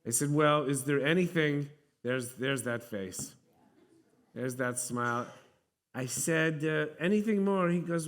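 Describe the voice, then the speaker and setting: High-voiced rabbi telling a story. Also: male voice, a bit bright. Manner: storytelling, anecdotal, with pauses. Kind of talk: warm-hearted synagogue talk. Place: synagogue sanctuary.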